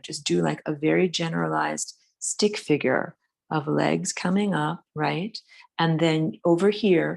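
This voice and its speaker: A woman's voice: deep voice, vocal fry. A woman teaching a casual drawing lesson from her home studio, talking loosely with many fillers while she sketches. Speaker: art and spirituality teacher. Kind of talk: live-streamed drawing lesson. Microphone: phone camera.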